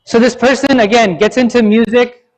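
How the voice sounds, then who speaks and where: A man's voice: extremely high pitch, fairly even intonation, normal speed, poor audio. A man preaching a Friday sermon in a mosque, telling a story in a conversational way and often checking in with "right?" and "you know".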